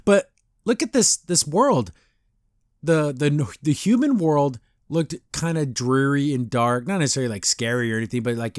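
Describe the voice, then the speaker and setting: A man's voice: medium pitch, dry recording, clean studio sound. A man hosting a podcast, chatting casually as he reviews a comic, rambling and laughing as he retells scenes. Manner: rambling, animated retelling with acted-out quotes and frequent laughs. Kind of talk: casual chat.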